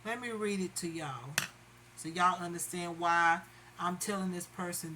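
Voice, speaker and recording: A woman's voice: fairly low pitch, a little slow, pushed and bright, slight background noise, low-quality recording. A woman chatting casually to viewers while doing her makeup. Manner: chatty, addresses viewers as y'all. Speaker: beauty vlogger. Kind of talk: casual makeup tutorial chat.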